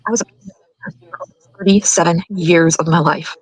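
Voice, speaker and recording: An older woman and grandmother giving her side of a family conflict, fast and indignant, getting worked up as she talks. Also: fairly low pitch, fairly even intonation, slightly rough, no room sound, low-quality recording. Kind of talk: emotional recorded account.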